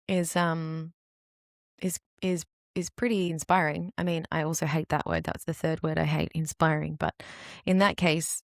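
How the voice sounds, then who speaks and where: Podcast host, woman in her thirties, lower-pitched, candid and heartfelt, dry close-miked sound. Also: creaky, no echo. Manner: earnest, candid, animated when quoting others. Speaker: podcast host and dance teacher. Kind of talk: solo podcast monologue.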